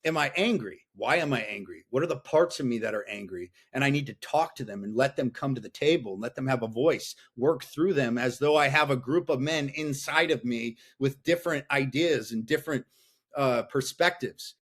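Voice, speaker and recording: A middle-aged man talking as a guest on a podcast over a call, blunt and intense, swearing freely and asking himself rapid questions. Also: mid-range voice, a bit bright, slightly rough. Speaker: podcast guest, fathers' coach. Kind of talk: candid podcast conversation. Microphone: remote call.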